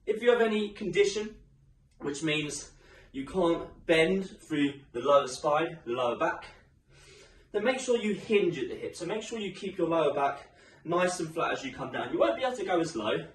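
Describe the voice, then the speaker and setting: A man coaches a home workout in a chatty, encouraging way, his voice rising and falling in a lively sweep. He sounds a little out of breath. He is recorded at some distance in an echoey room. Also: fairly high pitch, moderate pace. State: slightly out of breath. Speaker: fitness instructor.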